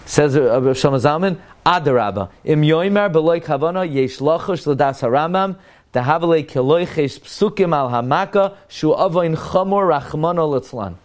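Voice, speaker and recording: A man teaching a Torah class as a rabbi, weaving Hebrew and Aramaic quotations into his English explanation, asking rhetorical questions and jumping sharply in pitch to stress his points. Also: moderate pace. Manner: animated, with sudden jumps in pitch for emphasis. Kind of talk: Torah study lesson.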